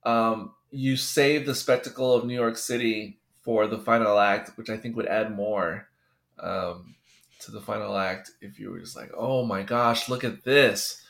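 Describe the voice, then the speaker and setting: A man's voice: on the low side, fairly even intonation, a little slow, gravelly, fairly bright tone. A man co-hosting a casual movie commentary, rambling and stopping himself mid-thought. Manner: rambling, self-interrupting. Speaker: podcast co-host.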